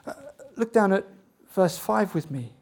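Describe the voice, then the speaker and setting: A man's voice: high-pitched, animated, a little slow, vocal fry. A man preaching a sermon, asking rhetorical questions and building to emphatic peaks.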